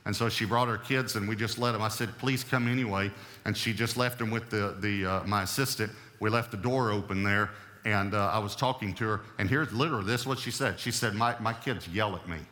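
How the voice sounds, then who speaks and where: A man preaching a sermon as pastor, emphatic and repeating key phrases, slowing down to read scripture. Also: on the low side, fairly even intonation, bright, forceful tone. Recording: long hall reverb.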